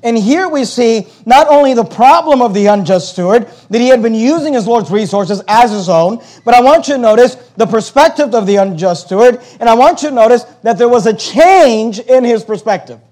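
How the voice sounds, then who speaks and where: High-voiced impassioned male preacher. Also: expressive, brisk, few pauses, darkish tone. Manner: impassioned preaching, repeats words when stirred. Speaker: pastor. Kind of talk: sermon.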